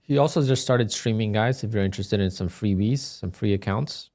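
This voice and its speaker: A man casually chatting on his live day-trading stream, relaxed and talkative, reading viewer questions aloud and answering them. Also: fairly low pitch, fairly quick, few pauses. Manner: laid-back, chatty, reads chat questions aloud.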